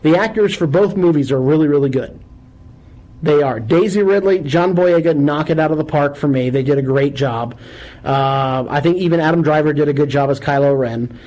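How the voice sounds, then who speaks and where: A man's voice: fairly high pitch, normal speed, poor audio. Upbeat man hosting a call-in show. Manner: animated, joking, given to loud exclamations. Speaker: radio show host. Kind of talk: casual radio chat.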